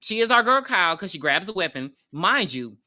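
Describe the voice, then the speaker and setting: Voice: mid-range voice, a little fast. A podcast co-host recapping a horror movie in casual, slangy chat, telling it with laughs and acted-out lines. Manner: animated storytelling, laughs often, slangy and profane.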